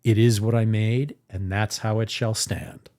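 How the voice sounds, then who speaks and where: A man's voice: fairly low pitch, unhurried. Man chatting casually on a live stream. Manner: rambling and animated, acting out his own reactions. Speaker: tarot deck artist hosting a live stream.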